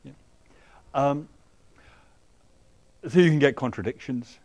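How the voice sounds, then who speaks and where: Male lecturer in a classroom; average pitch, halting delivery with fillers and restarts, explains step by step and checks in with students. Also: a little mellow. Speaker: university lecturer. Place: lecture hall.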